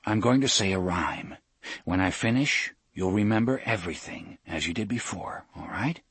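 A man voicing a calm young leader who speaks in a measured, reassuring way. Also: lowish voice, breathy edge, dry recording, exaggerated voice.

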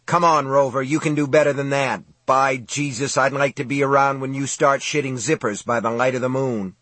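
Man playing a gruff, mocking gray-haired man. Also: medium pitch, fairly even intonation, normal speed, fairly bright tone, no echo, natural voice. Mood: taunting. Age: older.

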